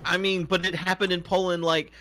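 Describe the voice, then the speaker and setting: A man's voice: high-pitched, flat delivery, fairly quick, pushed and bright, slight background noise. An American man teasing a friend with dry jokes while they play a game together. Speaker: co-player. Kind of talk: casual gaming banter.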